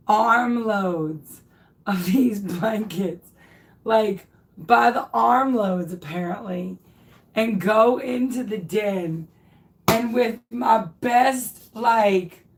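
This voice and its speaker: A craft host in her thirties breaks off to tell her audience a funny story. Her voice sits a little high and she takes her time. She laughs at herself along the way and often restarts her sentences. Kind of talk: casual storytelling to viewers.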